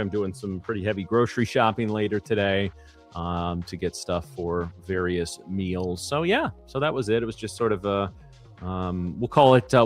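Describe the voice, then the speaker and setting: Rambling, low-voiced man host. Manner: rambling, many fillers and restarts. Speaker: co-host of live trading stream. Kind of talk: casual chat.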